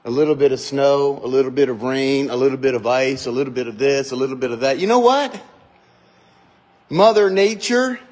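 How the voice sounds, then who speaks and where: During a casual morning livestream, a middle-aged pastor talks fast with few pauses, his voice medium in pitch. He chats and jokes with his congregation, throwing in animated asides while still recovering from a cough.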